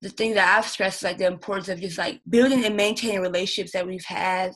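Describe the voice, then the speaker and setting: A woman's voice: medium pitch, fairly even intonation, fast, fairly bright tone, low-quality recording. A woman hosting an interview show, asking questions in a casual conversational way with frequent fillers. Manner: conversational, frequent likes and you knows.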